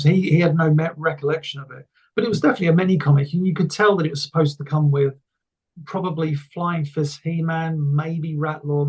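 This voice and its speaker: A man's voice: a little high, a little mellow, highs cut off. A man being interviewed, telling stories in a rambling, enthusiastic way with many restarts. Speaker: interview guest. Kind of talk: casual conversation.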